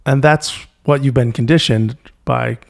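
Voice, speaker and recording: A man guest on an interview podcast, speaking reflectively and halting often to search for words. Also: medium pitch, fairly even intonation, gravelly. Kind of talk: reflective conversation.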